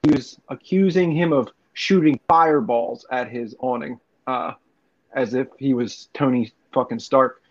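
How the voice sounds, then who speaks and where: Mid-range and unhurried, this young male podcast co-host rambles through profane stories, laughing along the way in casual conversation. The recording is dull and lo-fi.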